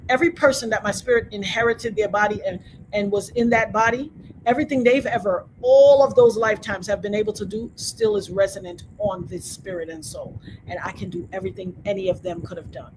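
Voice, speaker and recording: A woman's voice: mid-range voice, brisk, slight background noise, rough recording. A woman hosting a livestream, talking straight to her viewers in an emphatic, preachy way. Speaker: livestream host. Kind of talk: casual livestream rant to chat.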